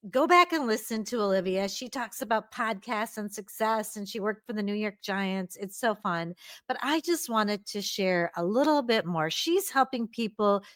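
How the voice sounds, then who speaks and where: A woman's voice: mid-range voice, a bit bright, no echo, clean studio sound. Earnest woman hosting a solo podcast. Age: middle-aged. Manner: earnest, encouraging, addresses listeners as sweethearts. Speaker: podcast host.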